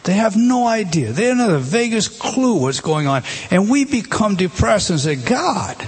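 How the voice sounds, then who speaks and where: A man's voice: sits high, sing-song, moderate pace, husky. A middle-aged man preaching a conversational Bible-teaching sermon, asking his listeners rhetorical questions and reading scripture aloud with feeling.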